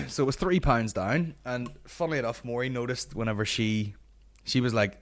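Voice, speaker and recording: A man's voice: mid-range voice, moderate pace. A Northern Irish man in his late twenties, hosting a podcast with a sweary, ranting comic monologue. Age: late 20s. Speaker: podcast host.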